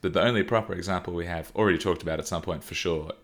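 A man's voice: low-pitched, racing, a bit bright. A young man co-hosting a podcast, chatting casually and rambling with lots of laughter and fillers. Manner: rambling, giggly, with many fillers. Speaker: podcast co-host. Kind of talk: casual chat.

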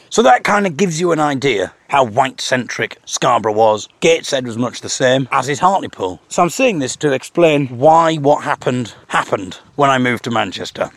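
A man's voice: on the high side, animated, brisk, dry recording. A man hosting his podcast, telling a rambling, self-mocking story in a casual monologue with chuckles. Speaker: podcast host.

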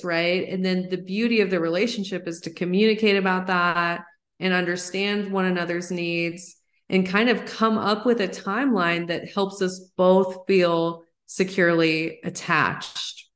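Lowish-voiced woman in her 30s explaining stuff, gets excited and nerdy, podcast interview. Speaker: guest psychologist.

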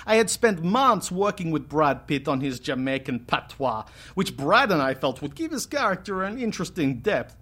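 A man playing a pompous, self-important male accent coach who boasts in a deadpan way. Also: fairly high pitch, moderate pace, few pauses. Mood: boastful.

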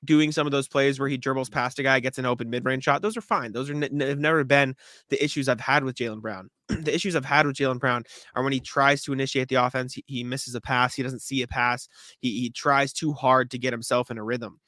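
Man, podcast co-host, casual chat, bright tone, dry recording, hiccups, rambling restarts. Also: medium pitch, fairly even intonation, no echo. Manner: rambling, quick restarts, frequent throat clearing.

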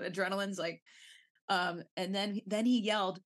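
A woman's voice: medium pitch, moderate pace. A woman co-hosting a podcast, chatting casually and telling a story with lots of acted-out quotes and swearing. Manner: animated storytelling, acts out quotes, swears freely. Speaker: podcast co-host. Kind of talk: casual chat.

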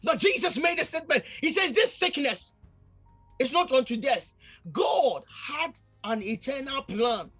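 Fiery high-pitched preacher man. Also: expressive, a little slow, faint music behind. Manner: fervent, repeats calls to the congregation, swings between shouting and quiet. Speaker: pastor. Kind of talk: sermon.

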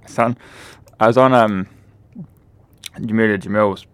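A man's voice: lowish voice, fairly even intonation, a little slow, fairly bright tone, clean tone, dry recording. A man co-hosting a podcast in casual chat, laid-back, giving short dry replies. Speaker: podcast co-host.

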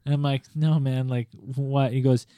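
A man's voice: medium pitch, level tone, normal speed, warm tone, smooth, no room sound. A man co-hosting a podcast, telling stories animatedly with swearing, laughter and mimicked voices. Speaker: podcast co-host. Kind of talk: casual podcast banter.

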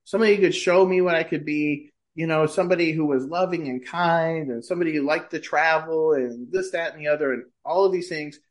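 A man's voice: fairly quick, few pauses. A middle-aged man, a podcast guest, telling a personal story in casual conversation and lifting his voice when he quotes himself. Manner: animated, shifts pitch when quoting himself.

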